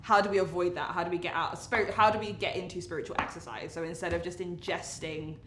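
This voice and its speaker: Quick-talking woman hosting a kitchen show. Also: fairly low pitch, fairly even intonation, noisy background. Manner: quick, upbeat, laughs a lot. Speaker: host. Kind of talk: casual chat while cooking. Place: home kitchen. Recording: echoey kitchen, faint background.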